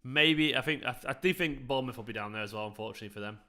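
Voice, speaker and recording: A man's voice: mid-range voice, very fast, sharp tone. A young man hosting a football watchalong, chatting casually and laughing as he answers his live chat. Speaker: fan channel host.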